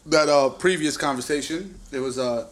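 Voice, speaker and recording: A man's voice: on the high side, normal speed. A young man hosting a casual livestream chat, laid-back and profane, rambling with frequent restarts. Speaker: podcast host.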